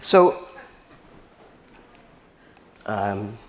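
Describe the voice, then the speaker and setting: A man's voice: lowish voice, lively intonation, very slow, a little mellow. A man giving a conference keynote as a chief technology officer, speaking casually with lots of filler words.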